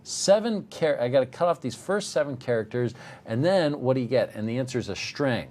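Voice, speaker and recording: Animated, lively male tech instructor. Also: medium pitch, fairly quick. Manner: animated, jokey, acts out voices. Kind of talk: live technical demo with banter.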